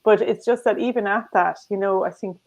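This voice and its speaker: A woman's voice: mid-range voice, steady tone, fairly quick, darkish tone, low-quality recording. A woman co-host chatting agreeably, with frequent affirming sounds. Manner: agreeable, chatty, many backchannels. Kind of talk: conversational interview.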